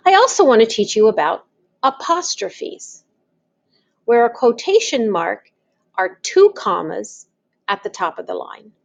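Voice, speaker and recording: A woman's voice: on the high side, sing-song, measured pace, vocal fry, highs cut off. A woman teaching, talking patiently and spelling things out step by step. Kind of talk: slow, deliberate classroom explanation.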